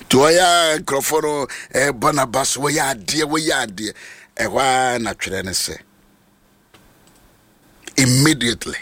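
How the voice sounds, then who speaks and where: A Ghanaian man preaching a sermon, shouting and sing-song, repeating phrases over and over. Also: mid-range voice, unhurried, breathy edge, dry recording.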